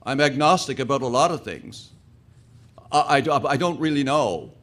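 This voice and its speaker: A man's voice: mid-range voice, expressive, moderate pace, a bit bright, close to an everyday voice. A man voicing a humble father who stammers through his doubts in a told joke. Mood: hesitant. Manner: hesitant, stammering. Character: humble older father, man of faith, unsure.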